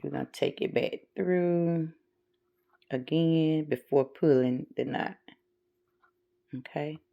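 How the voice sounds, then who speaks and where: A woman's voice: low-pitched, slow, creaky, highs cut off. A middle-aged woman hosting a casual how-to craft tutorial, chatting and talking herself through each step as she works.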